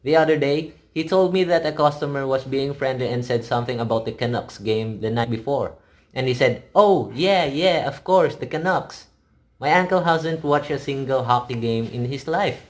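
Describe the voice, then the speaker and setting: A lonely teenage boy , played by a young man, tells his story casually and wryly, at a mid pitch. His voice echoes around a bare room. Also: lightly acted. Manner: casual, wry storytelling with slow drawn-out words. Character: hungry, lonely teenage boy missing home. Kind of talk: dramatic monologue in a student film.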